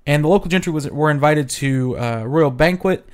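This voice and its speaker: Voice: mid-range voice, normal speed. A podcast co-host reading out history facts in a casual chat, with jokey asides.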